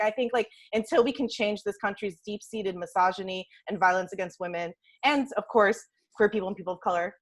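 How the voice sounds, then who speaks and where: A woman on a video-call panel making a point emphatically and bluntly, swearing for effect. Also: mid-range voice.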